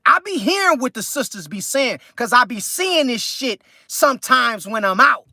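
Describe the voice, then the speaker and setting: A man with a California accent hosting a casual live stream, reading chat aloud and telling loose, profane, animated stories. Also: extremely high pitch, normal speed, gravelly, no echo, clean studio sound. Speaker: livestream host reading chat.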